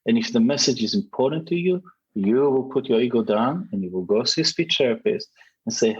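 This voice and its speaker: A man's voice: medium pitch, expressive, fairly quick, slightly rough, lo-fi sound. A man speaking English as a second language with a non-native accent, a guest in a podcast interview who talks emphatically and repeats key phrases. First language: not English. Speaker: guest, speaking contest runner-up.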